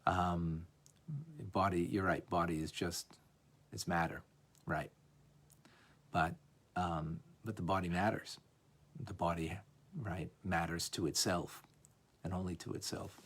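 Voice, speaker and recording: A man teaching a lively class on a religious text, asking "right?" often and acting out examples. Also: deep voice, a little slow, pauses often, breathy edge. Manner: animated, playful, acts out examples, frequent "right?". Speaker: Torah teacher.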